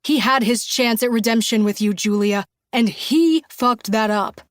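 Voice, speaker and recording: A woman's voice: fairly high pitch, a little slow, no echo, lightly acted. A tense, nasal man who tries to keep control and then lashes out, as a woman reader plays him. He is heard up close in an audiobook thriller with a dry, dead sound around him. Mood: angry. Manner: controlled, then pleading and explosive. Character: controlling man, creator of a synthetic wife.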